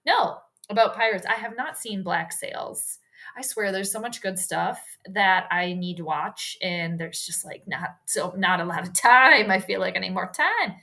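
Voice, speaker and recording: A woman's voice: medium pitch, unhurried, creaky, sharp tone. A young woman hosting a casual sports live stream, chatty and rambling, greeting viewers by name between asides.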